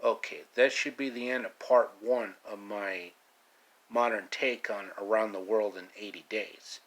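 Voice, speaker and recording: A man's voice: on the low side, steady tone, unhurried, fairly bright tone. A man casually telling his own take on a classic adventure story, laid-back, with scattered foreign phrases. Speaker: storyteller, channel host. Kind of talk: casual home-made storytelling.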